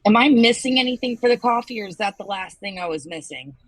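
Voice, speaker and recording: A woman's voice: medium pitch, animated, quick pace, dry recording, rough recording. A woman player in a tabletop game, blunt and teasing.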